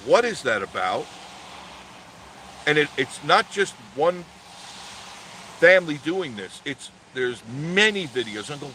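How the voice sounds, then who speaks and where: A man's voice: a little high, big pitch swings, a little slow, long pauses, sharp tone, a little hiss or hum. A man hosting a casual vlog, telling a story in a rambling way with many restarts and self-corrections. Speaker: channel host.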